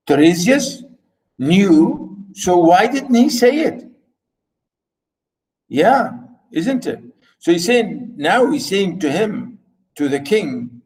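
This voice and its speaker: A man's voice: on the high side, darkish tone, poor audio. A man lecturing on a play, reading lines aloud and then paraphrasing them with fillers and repetitions. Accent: Arabic-speaking. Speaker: literature lecturer. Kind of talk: lecture explaining a play line by line.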